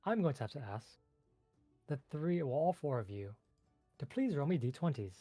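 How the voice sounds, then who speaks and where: A man's voice: on the high side, very animated, normal speed, warm tone, dry recording, faint music behind. A man narrating a tabletop game as game master, loose and chatty.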